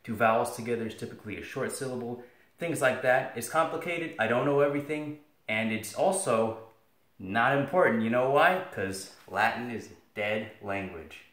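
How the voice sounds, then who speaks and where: A man's voice: mid-range voice, moderate pace, a bit bright. A man giving a casual, joking Latin lesson, sarcastic and rambling, with self-deprecating asides. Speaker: video tutor for Latin students. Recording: echoey room.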